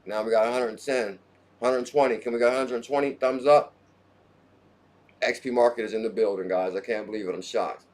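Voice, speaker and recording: Greeting viewers in the chat by name, this crypto livestream host talks casually and with excitement, bouncing between topics. His voice is medium-pitched and fairly quick.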